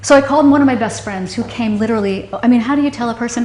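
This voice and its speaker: A woman with a fairly high voice tells a painful story from her own life. She speaks haltingly, with emotion, often breaking off and starting her sentences again. Her voice carries a noticeable echo from the room. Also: a little mellow, a little hiss or hum. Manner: halting, emotional, with many restarts. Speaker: storyteller recounting a personal loss. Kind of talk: personal testimony. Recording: roomy echo.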